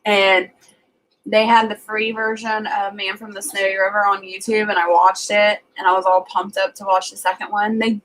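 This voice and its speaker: A woman's voice: mid-range voice, level tone, moderate pace, fairly bright tone, slight background noise, low-quality recording. A woman with a Southern US accent, casually chatting on a livestream and reading out viewer comments as she rambles along.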